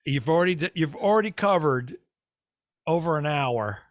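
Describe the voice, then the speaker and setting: Higher-voiced man teasing, with a lot of swearing. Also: expressive, moderate pace, no echo, studio quality. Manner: incredulous, profane, teasing. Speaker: podcast co-host. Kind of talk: casual podcast banter.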